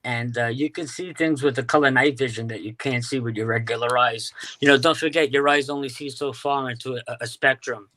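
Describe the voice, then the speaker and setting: A man's voice: medium pitch, steady tone, brisk, hardly any pauses, pushed and bright. A man from Staten Island with a New York accent, telling stories as an interview guest, with plenty of fillers and restarts. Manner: storytelling, many fillers and restarts. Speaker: guest, UFO sky watcher. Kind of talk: casual interview chat.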